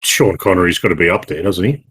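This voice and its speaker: A man's voice: low-pitched, animated, fast talker, a bit bright, husky. An Australian man co-hosting a gaming podcast, chatting casually in a rambling, jokey way with many self-corrections. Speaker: podcast co-host. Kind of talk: casual chat.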